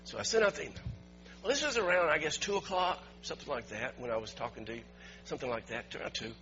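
Bright, animated pastor telling a story. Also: male voice, on the high side, quick pace, faint music behind. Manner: animated storyteller building to emphatic shouts. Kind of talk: storytelling sermon. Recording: dull lo-fi recording with faint hum.

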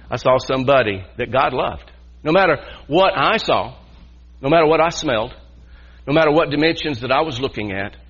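In a sermon captured on muffled, low-fidelity audio, a male preacher tells a personal story with earnest repetition and frequent restarts. His mid-range voice is a bit bright with a breathy quality.

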